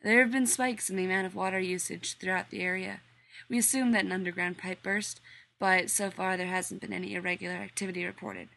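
A woman's voice: medium pitch, fairly even intonation, brisk, creaky, bright, forceful tone. Woman reading as a cocky flirty workman, smug and easy. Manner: smug, easygoing. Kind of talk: audiobook reading.

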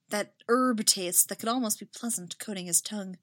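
A woman narrating a fan fiction story aloud with expressive delivery. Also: mid-range voice, moderate pace, few pauses, no echo, studio quality.

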